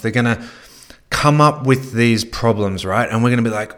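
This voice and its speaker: A man's voice: mid-range voice, moderate pace, a bit bright. A man hosting a podcast, talking casually with lots of fillers and repeated phrases as he coaches listeners on sales. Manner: conversational, many fillers, repeats himself. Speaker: podcast host.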